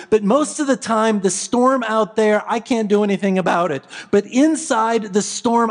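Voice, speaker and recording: A man giving a Christmas Eve sermon as a pastor, telling a story with repeated phrases that build and then fall soft. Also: high-pitched.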